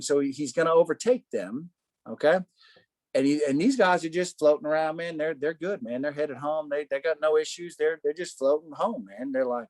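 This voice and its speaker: A man leading a casual Bible study, animated, asking rhetorical questions and saying "man" a lot. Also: fairly high pitch, quick pace, no echo.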